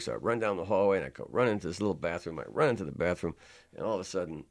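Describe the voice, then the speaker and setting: A man, a musician, telling a rambling studio anecdote in a relaxed, laid-back way, with many "uh"s and "man"s. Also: low voice, rapid-fire, hardly any pauses.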